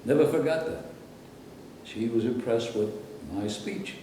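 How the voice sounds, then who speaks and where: In a reminiscing interview, an older Brooklyn man who used to be a radio announcer rambles through anecdotes about his working life, mellow, relaxed and conversational. His mid-range voice is unhurried and recorded from a distance, far back from the mic in a very echoey room over a faint hum.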